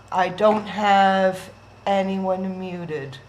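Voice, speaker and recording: Technical trouble on a video call has this woman, the host of a live-streamed online event, chatty and flustered, restarting as she thinks aloud. Her voice is medium in pitch and a bit bright, recorded with roomy echo and faint background noise.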